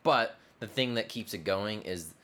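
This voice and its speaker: A young adult man in casual conversation, relaxed and agreeable, often trailing off. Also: on the low side, unhurried. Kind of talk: casual chat.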